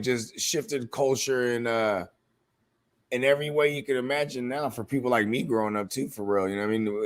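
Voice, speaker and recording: A man co-hosting a podcast in casual chat, loose and relaxed, often saying "you know what I mean". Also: medium pitch. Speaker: podcast co-host.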